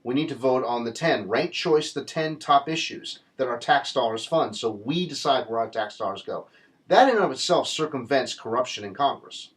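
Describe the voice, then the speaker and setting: A man's voice: mid-range voice, animated, moderate pace. A man giving a casual political commentary monologue, earnest and rambling, with many restarts.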